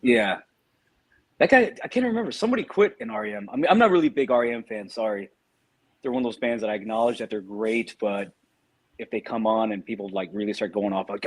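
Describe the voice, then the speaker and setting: A man's voice: fairly low pitch, quick pace, husky. A man co-hosting a podcast in a casual live-stream chat, with dry, wry humor. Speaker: podcast co-host.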